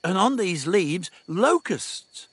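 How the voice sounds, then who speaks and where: A man's voice: high-pitched, big pitch swings, takes it slowly, a bit bright, breathy edge, no echo, voice pushed up, heavily acted. Man doing a cocky teenage girl. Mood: scornful. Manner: cocky, scornful, know-it-all. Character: defiant cheeky teenage girl time traveller. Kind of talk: audiobook dialogue.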